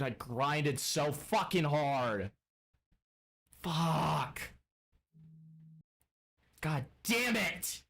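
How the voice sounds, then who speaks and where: A man's voice: a little high, vocal fry, husky. Profane mock-furious male game streamer. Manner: profane, mock-angry, ranting at chat. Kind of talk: casual live-stream chat.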